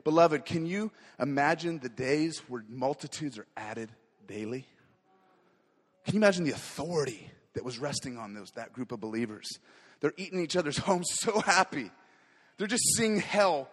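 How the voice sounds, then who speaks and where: Fervent high-voiced male preacher in a hall. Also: expressive, normal speed. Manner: fervent, swings between quiet and loud. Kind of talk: sermon.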